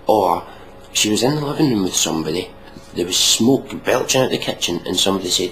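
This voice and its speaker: A man's voice: deep voice, expressive, brisk, fairly bright tone, slight background noise, rough recording. A man hosting a casual reaction video, mocking and sarcastic, swearing freely.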